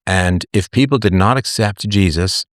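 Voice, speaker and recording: A man's voice: low-pitched, normal speed, no room sound. A middle-aged man hosting a live talk show, musing aloud in a jokey way, full of fillers and restarts. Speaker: host.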